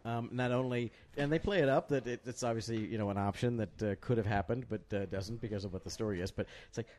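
Fast-talking guy, dry jokes, swears, normal pitch. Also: a little mellow. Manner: fast, wry, profane. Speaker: podcast co-host. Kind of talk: casual commentary chat.

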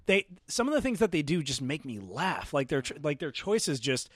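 Podcast co-host, man, a bit higher than most, tells stories animatedly. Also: normal speed, husky, no echo, studio quality. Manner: animated storyteller, acting out scenes. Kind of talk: casual chat.

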